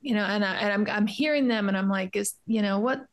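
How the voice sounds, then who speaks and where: A woman's voice: medium pitch, quick pace. A woman co-hosting a podcast from her home art studio, talking in a candid, self-searching way with tender, trailing asides. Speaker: podcast co-host. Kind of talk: casual reflective conversation.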